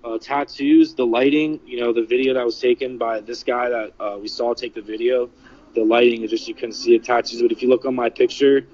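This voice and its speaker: A man telling what he witnessed in a casual livestream, halting and full of "like" and "you know". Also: mid-range voice, little pitch movement, a little mellow, highs cut off. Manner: halting, filler-heavy, many "like" and "you know". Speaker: eyewitness recounting an event. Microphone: phone.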